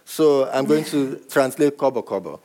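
A man's voice: medium pitch, animated, moderate pace, dark tone, a little hiss or hum. A man from Nigeria, a novelist, answering audience questions at a book event and often laughing as he explains. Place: event room with a live audience.

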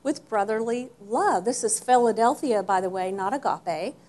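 A woman's voice: on the high side, normal speed, darkish tone. A woman leading a church Bible study class, teaching emphatically and putting questions to the group.

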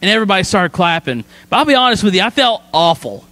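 High-voiced conversational male preacher. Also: very animated, fast talker, bright, forceful tone, no room sound. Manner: conversational, storytelling, asks "right?" often. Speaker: student pastor. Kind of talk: sermon. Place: church sanctuary.

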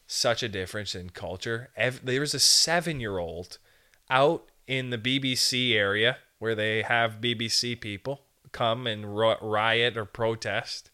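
Bright, clear-voiced young man rambling. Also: medium pitch, unhurried. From Canada. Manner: rambling, jokey, slips into put-on voices. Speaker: podcast host. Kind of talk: casual comedic monologue.

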